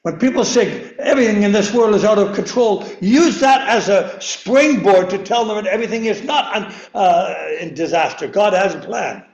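A man's voice: high voice, animated, normal speed, few pauses, lo-fi sound. An older man preaching a sermon in a chapel, rambling and repeating words, laughing at himself as he goes. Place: church chapel. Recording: echoey room.

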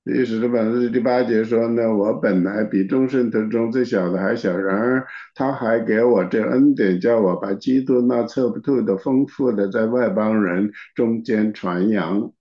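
Male interpreter, mellow dark voice, steady filler-laden delivery, muffled recording. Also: on the low side, normal speed, hardly any pauses. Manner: steady, with frequent filler particles. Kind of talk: interpreting a sermon. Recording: dull, echoey room recording.

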